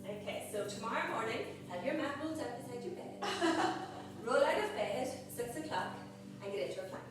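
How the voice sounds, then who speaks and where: A woman's voice: on the high side, animated, normal speed, over music. A woman yoga teacher guiding a live group class, calling out poses and breaths in an encouraging way. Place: group exercise studio. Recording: echoey room, voice far from mic, background noise.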